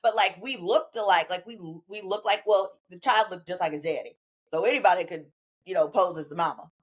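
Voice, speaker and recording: A woman's voice: on the low side, a little fast. Emphatic Southern woman telling a story. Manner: emphatic and profane, acting out quoted dialogue. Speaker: podcast guest, attorney. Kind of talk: animated storytelling in casual chat.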